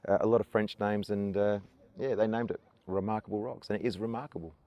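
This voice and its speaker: A man's voice: on the low side, fairly even intonation, fast, mellow, dry recording, lo-fi sound. A man in his forties with a broad Australian accent, talking easily outdoors as a tour guide, full of fillers, restarts and little jokes. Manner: easygoing, chatty, many "uh" fillers and self-restarts, jokey. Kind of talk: outdoor tour chat to camera. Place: outdoors on coastal rocks.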